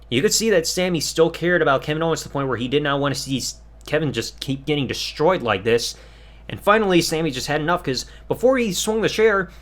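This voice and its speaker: Animated man recapping on a podcast. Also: a little high. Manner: excited, animated recapping with lots of fillers. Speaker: podcast host. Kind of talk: solo podcast review.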